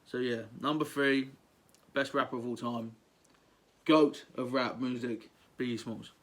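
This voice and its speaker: A man's voice: medium pitch, fairly even intonation, unhurried, a bit bright. A young man, talking casually and enthusiastically as a vlogger, gushing through a countdown with lots of ums and likes.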